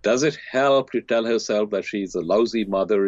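Older male guest, low voice, lively storyteller, slightly dull recording. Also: moderate pace, hardly any pauses, dry recording. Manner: animated storyteller, voices characters with big pitch swings. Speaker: podcast guest, teacher. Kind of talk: storytelling in conversation. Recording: dry, slightly dull lo-fi sound.

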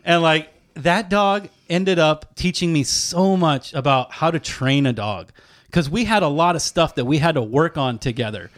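A man in casual conversation, telling animated, profane stories full of "like" and quick laughs. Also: fairly high pitch. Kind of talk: casual chat.

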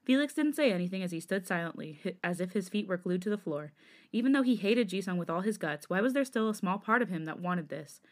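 A woman podcast host reading fan fiction aloud in an expressive, dramatic way. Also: mid-range voice, quick pace.

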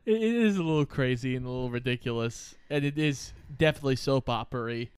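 A man's voice: mid-range voice, quick pace, smooth, dry recording. A man co-hosting a casual movie podcast, recapping scenes in a laid-back way and swearing now and then. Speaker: podcast co-host.

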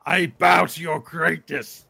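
A man voicing an angry male brute who is forced to shout praise he doesn't mean. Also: on the high side, steady tone, slow pace, vocal fry, husky, pitched above the performer's own voice, heavily acted. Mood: grudging, furious.

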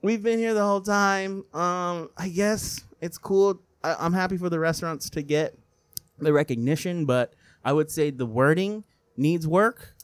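A man's voice: sits high, unhurried, smooth, no room sound. A man co-hosting a podcast, chatting casually, joking and laughing often with slangy talk. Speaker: podcast co-host. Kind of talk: casual chat.

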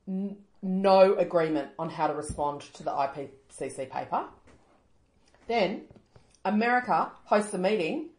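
Australian female podcast co-host, expressive and passionate, with a bit of room echo on the mic. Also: medium pitch. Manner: animated, gets fired up about the environment. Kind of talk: casual chat.

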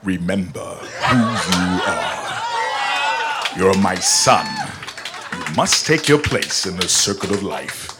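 A man doing an impression of a booming, regal lion king father, slow and low. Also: animated, a loud crowd, very noisy. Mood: commanding. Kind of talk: celebrity impression.

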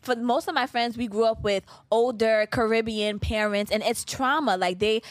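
A woman's voice: fairly high pitch, steady tone, normal speed, dry recording. A woman in a casual podcast chat, earnest and reflective, often agreeing.

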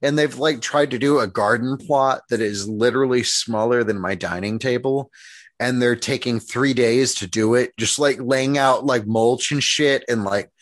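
A man's voice: mid-range voice, normal speed, dry recording. A man co-hosting a casual podcast chat, ranting with heavy profanity. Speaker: podcast co-host.

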